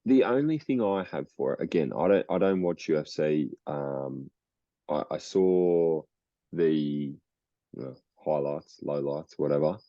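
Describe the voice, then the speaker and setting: A man's voice: very deep voice, animated, measured pace, dark tone, no room sound, highs cut off. A young Australian man co-hosting a podcast, chatting casually and rambling, laughing often. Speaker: podcast co-host. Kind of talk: casual chat.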